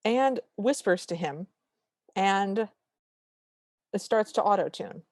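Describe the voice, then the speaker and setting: A podcast co-host recaps a film in relaxed conversation, acting out the characters' quotes in different voices with plenty of animation. Her voice is mid-range and slow. The studio sound is clean, with no room echo.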